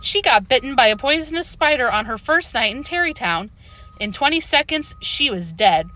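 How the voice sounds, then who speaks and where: A woman doing a gossipy schoolboy, bright and lively. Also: high-pitched, moderate pace.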